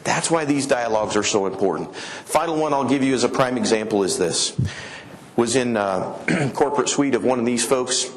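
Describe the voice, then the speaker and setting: A middle-aged man from Colorado giving a conference talk, an animated storyteller who acts out the people he quotes. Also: mid-range voice. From Colorado, USA. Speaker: conference speaker. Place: conference hall.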